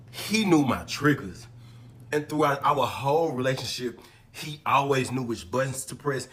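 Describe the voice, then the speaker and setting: A man telling an emotional personal story in a social media clip, profane and animated, acting out the lines he quotes. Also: mid-range voice, slightly rough.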